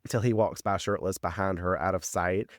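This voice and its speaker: A man's voice: low voice, steady tone, brisk, dry recording, clean studio sound. A man co-hosting a podcast, recapping a TV episode in rambling casual chat full of fillers and swearing.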